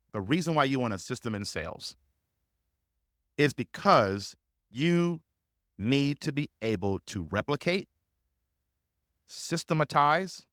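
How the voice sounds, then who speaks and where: A man's voice: medium pitch, animated, takes it slowly, long pauses, fairly bright tone, no echo, studio quality. A man teaching sales as a coach in a live webinar, speaking emphatically and repeating key phrases to drive points home.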